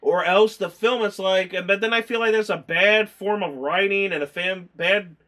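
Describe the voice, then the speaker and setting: High bright-voiced man reviewing a film. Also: normal speed. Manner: rambling, acts out scenes in mock voices. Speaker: movie reviewer. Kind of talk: casual film review chat.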